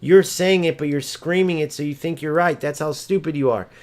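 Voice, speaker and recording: A man's voice: a little fast, a little mellow. Ranting male gaming streamer. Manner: ranting and mocking, swears freely; mimics opponents in a high sneering voice. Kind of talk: live gameplay commentary and chat.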